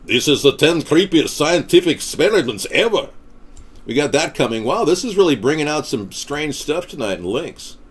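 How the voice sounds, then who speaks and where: A man's voice: fairly high pitch, very animated, normal speed, breathy edge. Rambling man hosting a live stream. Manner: rambling, off-the-cuff, jokey. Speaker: live stream host and political candidate. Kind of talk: casual live stream chat, reading viewer comments.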